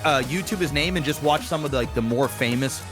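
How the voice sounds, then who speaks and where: A man's voice: a little high, fairly quick, music in the background. A man co-hosting a podcast, talking animatedly in casual, swear-filled chat with many restarts. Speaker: podcast co-host.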